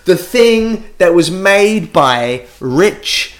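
A man's voice: high voice, expressive, extremely slow. A man co-hosting a comedy advice show, in crude, mocking casual chat. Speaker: podcast co-host.

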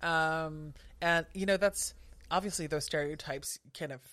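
A woman's voice: low voice, a little slow, a bit bright. A woman guest on a podcast, chatting casually and agreeably. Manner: chatty, agreeable, lots of fillers and laughs. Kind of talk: casual chat.

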